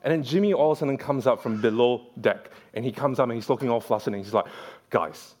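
A man's voice: mid-range voice, racing, darkish tone. A man preaching a sermon in a church, telling funny anecdotes and acting out the voices of the people in them. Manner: storytelling, playful, acts out quoted voices.

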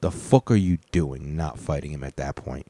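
Low-voiced guy reacting to clips, swears a lot, blunt, dry close sound. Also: normal speed, no echo. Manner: profane, blunt, swings from somber to excited. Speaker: video reaction streamer. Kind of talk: casual reaction commentary.

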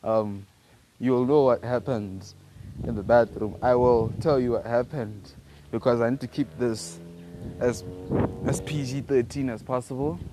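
A man's voice: mid-range voice, unhurried, warm tone, slight background noise. A teenage man from Africa, telling a loose, slangy story on his own podcast, full of restarts and repeated words. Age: teens. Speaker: podcast host.

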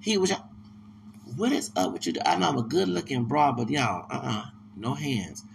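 A man with a gravelly, creaky voice tells stories on his podcast, rambling and emphatic, often restarting mid-phrase. His pitch sits in an ordinary middle range. Steady background noise runs under the recording. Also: moderate pace. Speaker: podcast host. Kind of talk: casual monologue storytelling.

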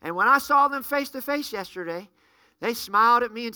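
A man's voice: extremely high pitch, animated, brisk, bright, forceful tone, smooth, dry recording. A man preaching a sermon, fervent and full of rhetorical questions to the congregation.

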